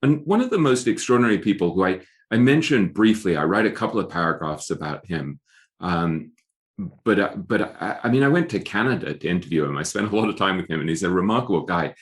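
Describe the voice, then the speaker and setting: A man's voice: low voice, expressive, fast. A middle-aged man speaking as an author guest in an interview, thoughtful and often repeating words as he searches for phrasing. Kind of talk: conversational interview.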